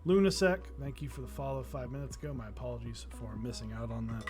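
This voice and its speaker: A man chats casually while he hosts a live stream, his voice sitting at an ordinary middle pitch. He rambles through stories with restarts and stops to greet the people in the chat. Faint music plays softly behind him. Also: steady tone, quick pace. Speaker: keyboard-building streamer.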